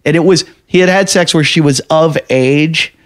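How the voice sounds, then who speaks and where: A man's voice: fairly high pitch, moderate pace. A man, a comedian and podcast host, telling stories in a casual chat and acting out other people's lines with big swings of voice.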